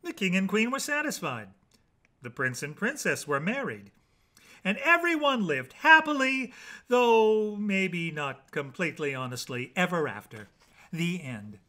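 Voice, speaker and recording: A man reading children's bedtime stories aloud in an animated, playful way with dramatic pauses. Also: sits high. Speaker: storyteller.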